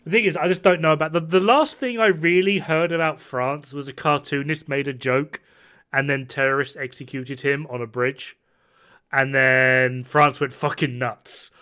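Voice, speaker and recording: A man's voice: a little high, steady tone, moderate pace, pushed and bright. A young man streaming a game who talks in a rambling, casual way, swears a lot, and often restarts his sentences. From half Norwegian. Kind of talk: casual chat while gaming, reacting to chat.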